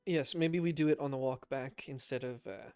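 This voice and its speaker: A man's voice: mid-range voice, normal speed, a little mellow, clear, resonant tone, no room sound, faint music behind. A man running a tabletop game as game master, narrating with playful asides and frequent laughter.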